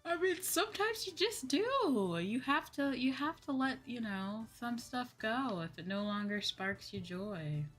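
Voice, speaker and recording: A woman's voice: fairly high pitch, lively intonation, unhurried, few pauses, a bit bright, faint music behind. A woman streamer chatting casually to her viewers, rambling and repeating herself with lots of fillers. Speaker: VTuber streamer.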